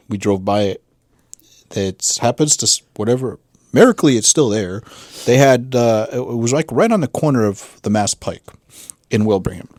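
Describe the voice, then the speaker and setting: A middle-aged man with a low voice talks casually on a podcast, wandering through his story with lots of restarts and trailing-off phrases. The sound is dry and close, with no room around it. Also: darkish tone, no echo. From western Massachusetts. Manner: rambling, halting storytelling with many restarts. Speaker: podcast co-host. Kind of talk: casual conversation.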